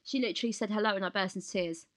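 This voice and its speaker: A woman in her thirties co-hosting a podcast, hoarse from the flu and talking candidly in casual chat. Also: medium pitch, racing. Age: 30s. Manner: candid, expressive, retells with acted quotes. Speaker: podcast co-host.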